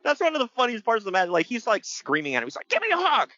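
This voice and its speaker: Animated man with a bright voice. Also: very fast, lo-fi sound. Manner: animated, laughs often, acts out quotes in a high voice. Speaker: podcast host. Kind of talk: casual podcast chat reviewing wrestling.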